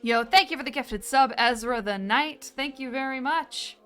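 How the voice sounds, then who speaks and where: A woman's voice: high voice, moderate pace, fairly bright tone, faint music behind. A young woman streamer playing a mock priest for her chat, theatrical and sarcastic, slipping into sing-song.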